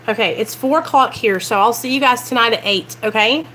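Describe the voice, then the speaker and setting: A young woman chatting loudly and excitedly on a live stream about her recovery, talking straight to her viewers. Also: on the high side, brisk, slight background noise. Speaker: recovery vlogger. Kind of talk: casual live-stream chat.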